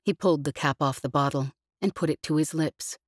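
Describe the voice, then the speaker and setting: A woman narrating a novel in a measured, even storytelling voice, read close in a studio. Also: deep voice, no room sound. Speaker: audiobook narrator. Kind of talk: scripted narration.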